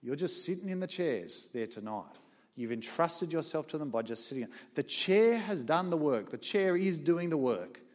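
A man preaching a sermon in a church, swinging between soft, low asides and loud, raised points. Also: animated, moderate pace.

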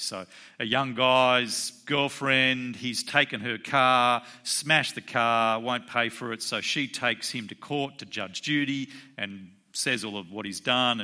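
A man preaching a sermon in a conversational way, acting out the quoted voices with sudden jumps in pitch. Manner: animated, acts out quoted voices with rising pitch; conversational, with fillers. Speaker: pastor.

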